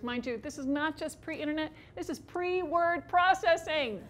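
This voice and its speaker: A woman in her fifties performs a one-woman autobiographical stage show, recounting her life wryly and expressively with dry humor. Her voice is high-pitched and her delivery unhurried.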